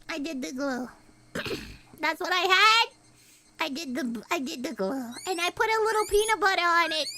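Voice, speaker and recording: A young woman chats loosely with her stream audience in a very high, slow, unhurried voice. She swears freely and breaks into loud laughter all the time. Steady background noise sits under her mic. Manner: profane, rambling, laughs often and loudly. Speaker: streamer and voice actor. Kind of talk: casual live-stream chat.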